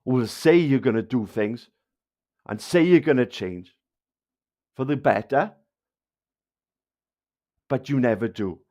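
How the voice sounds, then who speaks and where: A man's voice: mid-range voice, lively intonation, takes it slowly, pauses often, dark tone. Angry man with a Valleys accent. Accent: South Wales Valleys. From Wales. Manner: angry, insulting, heavy swearing. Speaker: livestreamer. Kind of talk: ranting livestream address to viewers.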